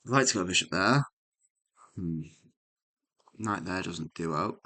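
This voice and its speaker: A man thinking aloud as he works through chess puzzles, musing and muttering with frequent hums and pauses, mildly exasperated at himself. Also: sits low, animated, bright, forceful tone. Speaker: chess streamer.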